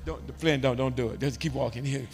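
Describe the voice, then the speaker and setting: A man preaching a sermon as bishop, animated and given to shouting for emphasis. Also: medium pitch, brisk, vocal fry, big-room sound, soft background music.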